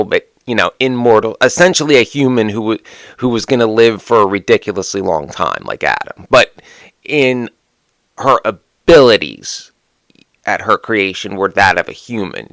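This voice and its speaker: A man's voice: on the low side, gravelly, a bit bright, dry recording. A man talking casually to camera, musing aloud with rhetorical questions and sardonic asides. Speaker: witchcraft content creator.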